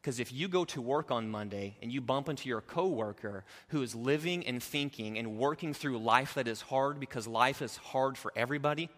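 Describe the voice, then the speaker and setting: A man preaching a sermon as a pastor, building emphasis and dropping into quick, casual asides. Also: mid-range voice, a bit bright. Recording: long reverb of a large hall.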